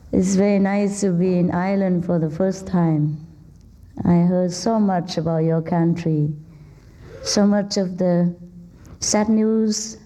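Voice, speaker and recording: A woman with a warm, fairly low voice gives a relaxed spiritual talk to a live audience seated in an indoor hall. She jokes, laughs a lot, and chats with those around her, captured in a dull lo-fi recording.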